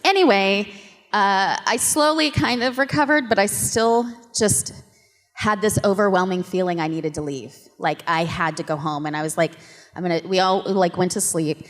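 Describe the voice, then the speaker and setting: A woman on a convention panel, telling a story with lively, laughing energy and acting out the quotes. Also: mid-range voice, normal speed. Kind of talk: animated storytelling to an audience. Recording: reverberant convention hall.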